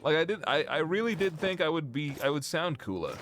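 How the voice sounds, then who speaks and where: Young male streamer, lively and bouncy delivery, rambles and jokes with his chat, faint music behind. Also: on the high side, fairly quick. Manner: joking, rambling, reads chat aloud. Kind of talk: casual live-stream chat. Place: at home.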